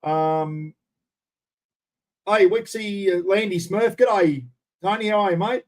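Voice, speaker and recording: A man's voice: sits high, slow. An Australian man hosting a casual livestream from a room at home, chatting easily and greeting viewers by name. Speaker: livestream host. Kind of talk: casual live chat reading out viewer names.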